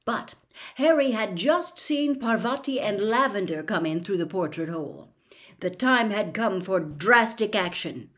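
A woman reading a novel aloud as an expressive storyteller. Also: fairly low pitch, measured pace. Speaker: reader. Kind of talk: audiobook reading.

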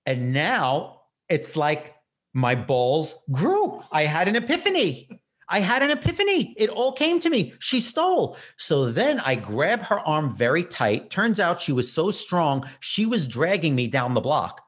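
A man's voice: a little high, husky. A man hosting a podcast, telling a story in a casual, self-mocking way. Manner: animated, self-mocking storyteller with quick bursts. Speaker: podcast host.

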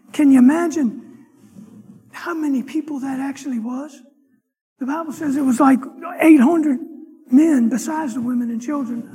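A high, light male voice rings out in a church hall, its words trailing off in a long echo. He is a deacon teaching a Sunday morning Bible lesson, reading the verses with swelling emphasis. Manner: emphatic, swells loud on scripture verses and exhortations. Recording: long reverb of a large hall.

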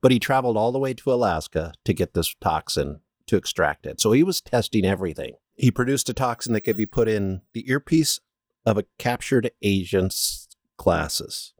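A man's voice: fairly low pitch, moderate pace, no echo, studio quality. A man co-hosting a podcast, casually reading out a story from his notes and stumbling now and then. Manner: steady storyteller, stumbles and restarts while reading. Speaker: podcast co-host presenting the story.

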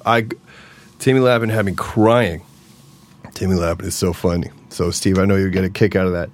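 A man with a somewhat low speaking voice talks through a casual solo podcast episode. He rambles from one thought to the next, chatty and enthusiastic, and often breaks into laughs. He talks from an indoor practice room. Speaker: musician and podcast host.

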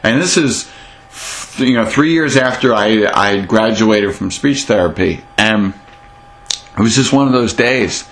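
A male podcast host with a fairly low voice talks earnestly with a guest. His speech is casual and unscripted, with the odd repeated word as he works through a thought. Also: a little slow, a bit bright. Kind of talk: casual interview chat.

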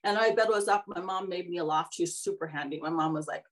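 A woman's voice: on the low side, fast, hardly any pauses, low-quality recording. A woman hosting a podcast, telling her life story in a rambling, casual way, correcting herself and laughing as she goes. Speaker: podcast host.

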